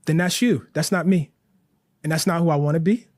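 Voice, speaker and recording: A male author with a high voice gives a passionate interview answer in deliberate, building sentences. The recording is dry, with no room sound. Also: a little mellow, no room sound. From northern United States city.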